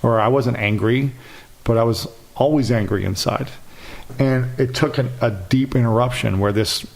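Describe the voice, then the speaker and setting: A man's voice: mid-range voice, moderate pace, creaky. A man in his thirties, a podcast guest talking earnestly and telling stories about himself. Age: 30s. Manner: earnest, animated storytelling with acted quotes. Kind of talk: casual interview conversation.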